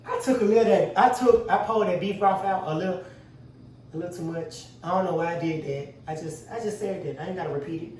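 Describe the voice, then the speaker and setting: Man, casual cooking vlog, loose and profane, slightly high voice, echoey room. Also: fast talker, a little mellow, a little hiss or hum. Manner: loose, profane, joking, talks straight to viewers. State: stressed. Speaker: cooking vlogger. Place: home kitchen. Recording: echoey room, mic at a distance.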